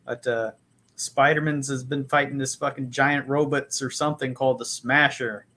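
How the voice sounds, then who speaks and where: A man's voice: mid-range voice, fairly even intonation, moderate pace, pushed and bright. A man co-hosting a podcast in casual chat, loose, profane and joking. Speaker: podcast co-host.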